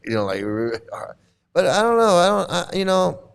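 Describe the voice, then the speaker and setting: Blunt, sarcastic man with a smooth voice. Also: high voice, big pitch swings, moderate pace. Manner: blunt, sarcastic, swears, repeats and restarts phrases. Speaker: host reacting to videos. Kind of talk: casual reaction commentary.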